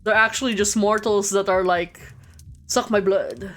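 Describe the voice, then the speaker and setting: A woman's voice: mid-range voice, fairly even intonation, moderate pace, fairly bright tone. A woman streaming a video game, giving casual, joking commentary and laughing often.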